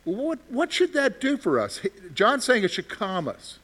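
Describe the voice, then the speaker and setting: A man teaching a Bible study class in an interactive discussion, with a high voice. His tone is bright and forward. He asks the group questions, repeats his points, and keeps checking in with "okay?". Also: huge pitch swings, moderate pace.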